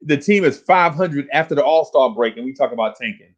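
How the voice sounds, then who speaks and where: A man hosting a sports talk livestream, ranting in exasperation, repeating himself and climbing into shouts. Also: fairly high pitch, animated, a little fast, few pauses. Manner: exasperated, repetitive, rising to shouts. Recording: lo-fi stream audio.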